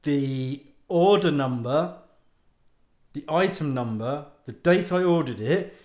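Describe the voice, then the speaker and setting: A man's voice: on the high side, slow, darkish tone, reverberant. A man hosting a podcast, telling a rambling, sweary story and laughing often in exasperation. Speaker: podcast host and author. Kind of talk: rambling casual monologue.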